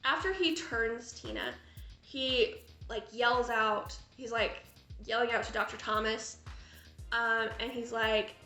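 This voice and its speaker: Bright, chatty woman reviewing films. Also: on the high side, steady tone, takes it slowly. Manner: gushing, chatty, lots of fillers. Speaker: horror film reviewer. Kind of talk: casual film review vlog. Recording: echoey room with faint music.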